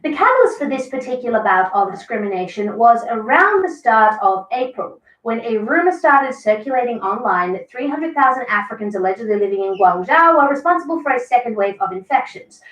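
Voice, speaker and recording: A woman's voice: on the high side, expressive, a little fast, hardly any pauses, a bit bright. Distant woman reading scripted news. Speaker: news video narrator. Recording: roomy, distant played-back clip.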